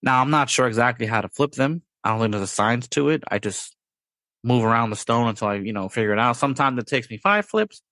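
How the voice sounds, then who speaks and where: A man's voice: mid-range voice, animated, fast talker, sharp tone, no room sound. A man hosting a podcast in casual chat, rambling, with playful sound-effect words. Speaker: podcast host.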